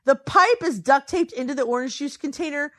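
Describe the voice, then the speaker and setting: A tired woman tells a story in casual chat. Her voice sits a little high, and she throws it around to act out what people said. The sound is dry and close. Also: fairly quick, no room sound. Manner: animated, acts out quotes with pitch swings.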